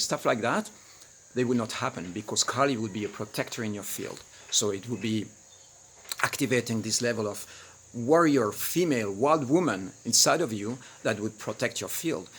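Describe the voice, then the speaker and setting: A man teaching a tantra webinar, talking freely and acting out shouted quotes from arguments. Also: medium pitch, creaky, husky. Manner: animated, acts out shouted quotes.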